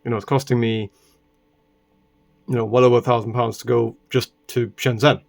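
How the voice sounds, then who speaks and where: A man's voice: mid-range voice, flat delivery, normal speed, vocal fry. Rambling British-raised man telling a story. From Britain. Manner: rambling, frequent "right?" tags, exasperated asides. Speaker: vlogger. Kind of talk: casual storytelling monologue. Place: indoors.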